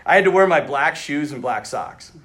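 Laughing priest telling stories to men. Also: male voice, a little high, normal speed. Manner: laughing, animated storytelling with quoted dialogue. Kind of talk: storytelling talk to a men's retreat.

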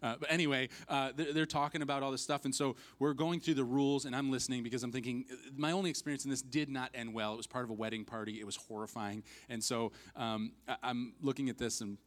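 A male pastor delivering a sermon in an animated, storytelling way. He mocks himself with humor and slips into acted-out voices for the people in his story. His voice sits at an everyday middle pitch for a man. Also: fast, hardly any pauses. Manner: animated storyteller, acts out quotes, self-mocking humor.

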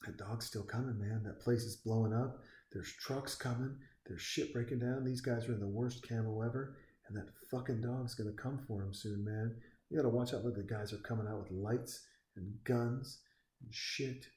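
A man's voice: lowish voice, fairly even intonation, moderate pace, a little mellow. A man in his forties from Montana, giving casual, profane, rambling commentary while watching a movie. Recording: echoey room.

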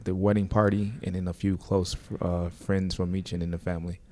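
A young man with a very low voice talks fast in a casual chat. His manner is laid-back and agreeable, and he keeps slipping in short "yeah"s. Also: little pitch movement, mellow. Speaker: podcast co-host.

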